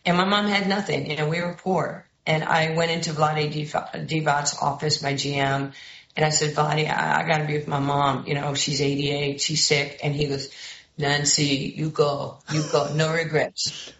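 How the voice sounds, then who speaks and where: A low, deep-voiced woman with a New York accent tells stories as a guest on a talk show. She jumps into the voices of the people she quotes. The sound is roomy and a little dull. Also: moderate pace, slight background noise. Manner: lively storyteller who acts out quoted voices. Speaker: basketball head coach, guest. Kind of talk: animated storytelling interview.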